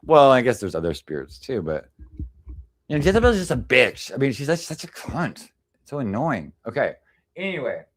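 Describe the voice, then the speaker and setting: A man's voice: medium pitch, very animated, moderate pace, no room sound, studio quality. A man hosting a livestream presentation, rambling and sarcastic, full of restarts and asides. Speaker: livestream panel host. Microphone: desk microphone on a stream.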